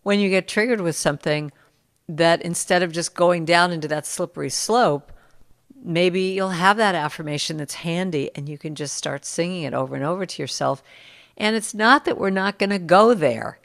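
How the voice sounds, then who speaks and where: A middle-aged woman in a casual conversation, telling stories and acting out what people said in lively bursts. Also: fairly low pitch, moderate pace, vocal fry, long reverb tail. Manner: animated storyteller, acts out quotes. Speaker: musician guest.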